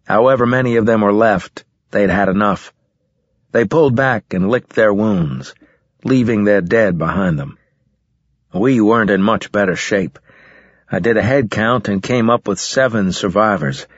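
A man narrating a first-person audiobook in a low, husky voice, with a measured, matter-of-fact delivery. The recording is dry and close, with a slightly dull, lo-fi sound. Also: no room sound.

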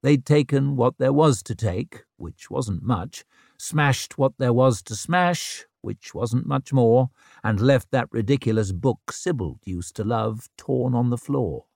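Slow, wry male audiobook narrator. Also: medium pitch, animated, gravelly, a little mellow, dry recording, clean studio sound.

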